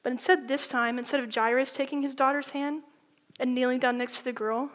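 A woman preaching a sermon in a casual, animated storytelling way, full of "like", swinging between loud and hushed. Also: high voice, a little fast. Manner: informal, with frequent "like".

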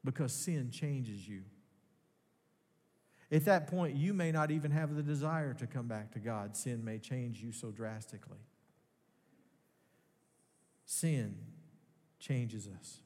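A male pastor delivers an earnest sermon. His voice is mid-pitched and carries a long hall reverb. He swells to strong emphasis, then drops low and slows down. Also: darkish tone. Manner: earnest preaching with rising emphasis and slow pauses. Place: large church hall.

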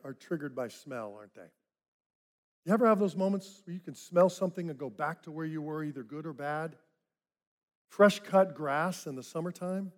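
Male pastor, storytelling sermon delivery, slightly raised pitch, sinks soft and low for reflection. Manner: dramatic storytelling, acting out quoted voices; drops to soft, low tones for reflective points.

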